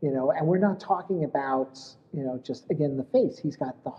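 A man is a guest in a relaxed interview. He wanders through his points, restarting his sentences and filling the gaps with "you know". The sound is muffled and dull, with a long echo trailing off the room. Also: a little high, fairly quick. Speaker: guest, essay author and podcaster. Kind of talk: casual interview chat.

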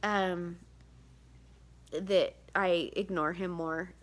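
A woman's voice: fairly low pitch, steady tone, extremely slow. A tired woman in her thirties talking to the camera in a rambling, tearful confessional vlog, full of fillers and sighs. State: tired, close to tears. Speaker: vlogger, mother of seven.

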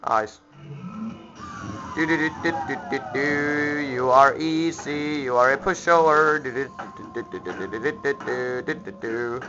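A man giving goofy, casual commentary while playing a video game, humming and shouting at enemies. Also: mid-range voice, measured pace, music in the background. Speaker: let's play host. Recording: slightly muffled lo-fi recording.

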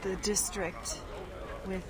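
Actress playing a strange distant woman, terse clipped phrases, slow halting delivery, tavern crowd murmuring behind. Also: mid-range voice, flat delivery, lightly acted.

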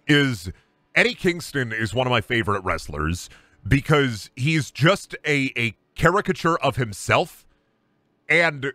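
A man's voice: medium pitch, a bit bright, no room sound. A man streaming a game and ranting casually about wrestling, heated, emphatic and profane. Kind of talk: casual rant while gaming on stream.

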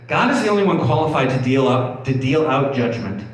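A man's voice: mid-range voice, moderate pace. A male pastor giving a sermon, reading scripture and explaining it conversationally, often restarting and repeating words. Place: church hall. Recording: echoey room, mic at a distance, faint background hum.

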